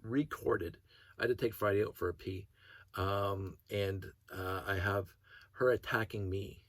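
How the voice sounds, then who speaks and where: A man's voice: on the low side, steady tone, unhurried, a bit bright, no echo. A man talking in a rambling, casual monologue as a hobby vlogger, restarting sentences and breaking into short laughs. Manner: rambling, self-interrupting storyteller who laughs between thoughts.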